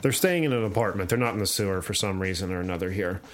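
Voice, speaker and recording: A male podcast host chats casually while retelling a comic, acting out the characters' voices as an animated storyteller. His voice sits low and he talks fast.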